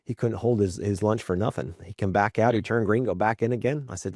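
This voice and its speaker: Male podcast guest and father, low-ish voice, dry close sound; reflective storyteller who tags lines with "right?". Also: brisk, no room sound. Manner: reflective, often asks for agreement with "right?"; lively acted-out quotes in his stories. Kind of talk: candid storytelling in conversation.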